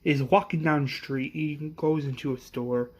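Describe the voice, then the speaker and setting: A man's voice: fairly high pitch, steady tone, normal speed, a little mellow, husky. A man casually retelling the plot of his fan series, rambling with many fillers and restarts.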